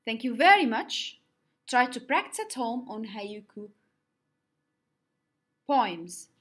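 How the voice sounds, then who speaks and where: A fairly high-pitched woman teaching young pupils, clapping out syllables at a slow, deliberate pace. Her voice rises and falls in a lively sing-song. A little music plays faintly underneath. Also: slightly rough.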